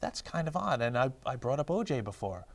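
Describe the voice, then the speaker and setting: A man's voice: medium pitch, sing-song, fairly quick, creaky. A man appearing as a paranormal investigator on a TV talk show, thoughtfully explaining his ideas at length. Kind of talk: casual studio chat. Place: public-access TV studio.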